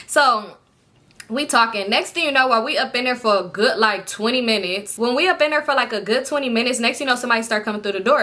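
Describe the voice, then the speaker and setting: A woman's voice: fairly high pitch, bright, forceful tone. A woman in her late twenties telling a personal story in a casual vlog, blunt and profane, with joking asides. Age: late 20s. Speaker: storytime vlogger.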